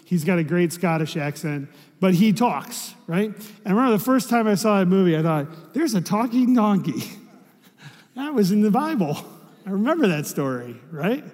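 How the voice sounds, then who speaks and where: A man with a notably high speaking voice delivers a sermon as a pastor, chatty and conversational. He keeps checking in with the room through rhetorical questions. His words trail off into a long hall reverb. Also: expressive, moderate pace, darkish tone.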